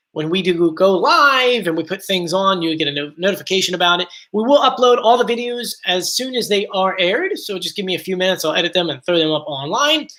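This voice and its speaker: A man with a mixed South Jersey and Philadelphia accent hosts a casual live stream. His voice is bright and pushed forward, and he rambles cheerfully from one viewer comment to the next. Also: high-pitched.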